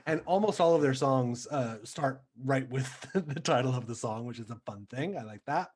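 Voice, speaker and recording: Guy actor on a podcast, rambly and thoughtful, lots of likes and ums, normal pitch. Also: lively intonation, normal speed, darkish tone, slightly rough. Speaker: podcast guest, stage actor. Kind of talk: casual chat.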